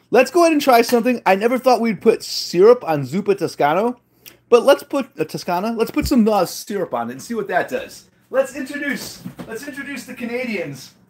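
A man vlogging a casual taste test, excitable and playful with exclamations. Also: sits high. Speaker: food vlogger.

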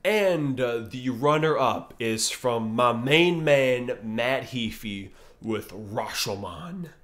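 A man's voice: medium pitch, lively intonation, slow, fairly bright tone, soft background music. A man ranking albums in a casual, rambling way, swearing often and using lots of fillers like "um" and "you know". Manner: profane, enthusiastic, rambling with many fillers. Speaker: music reviewer.

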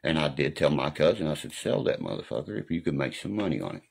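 A man's voice: very deep voice, sing-song, quick pace, vocal fry, husky. A man talking casually on a live stream in a rambling, profane way, often asking if you know what he means. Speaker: livestreamer. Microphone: phone or webcam on a live stream.

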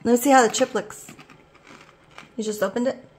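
A woman's voice: fairly high pitch, fairly even intonation, brisk, darkish tone, slight background noise. A woman hosting a casual home vlog, filming her husband and chatting with him and asking him questions from behind the camera. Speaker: channel host, wife filming.

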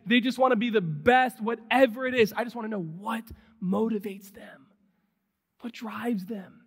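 Animated high-voiced preacher in reverberant sanctuary. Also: male voice, normal speed, breathy edge. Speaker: pastor. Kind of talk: sermon. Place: church sanctuary. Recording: long hall reverb.

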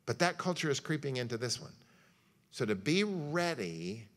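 A man lectures a church luncheon crowd as a pastor, telling folksy stories and acting out bits of dialogue along the way. His voice is bright and forceful, sitting at an ordinary pitch for a man. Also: very animated, moderate pace. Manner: folksy storytelling with jokes and acted-out quotes. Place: church hall.

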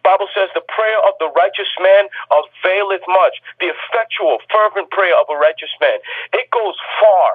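A man with a high, husky voice delivers a fervent sermon over the telephone. He presses his point again and again, insistent and climbing toward shouts. The tinny phone line thins out his sound. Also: moderate pace, no echo. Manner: insistent and repetitive, rising to shouts. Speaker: preacher.

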